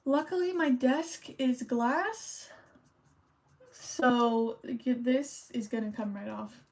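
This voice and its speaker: A young woman chats casually on a stream as she decorates holiday cards. Her voice sits a little high, and she rambles and thinks aloud while she colors at her desk. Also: slow pace, a little mellow. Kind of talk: casual chat while crafting.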